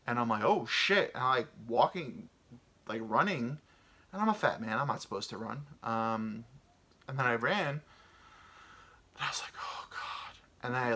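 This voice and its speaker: A man in his thirties talks on his own in a loose, meandering way and swears freely. He is short on sleep. His voice is bright and a little tense, and his pitch jumps around with lively swings. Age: 30s. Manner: meandering, swears casually, muses aloud. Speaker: podcast host. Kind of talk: rambling solo chat.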